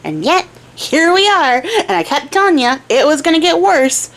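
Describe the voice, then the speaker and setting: A woman's voice: sits high, sing-song, normal speed, fairly bright tone, pitched above the performer's own voice. A woman voicing a weary, sarcastic talking horse who swears. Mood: exasperated.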